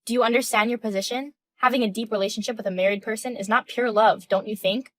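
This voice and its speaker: A woman in her thirties reads a text-message story, voicing a composed wife who is indignant, firm, questioning and cold. Her pitch is fairly high and her intonation fairly even, and she talks fast with a slightly bright, natural tone and no room sound.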